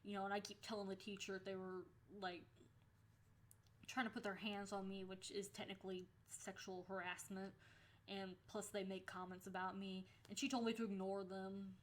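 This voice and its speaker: A young adult woman talking casually in a storytime vlog. She is animated, swears freely and acts out the lines people said. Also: mid-range voice, normal speed, slight background noise. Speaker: vlogger.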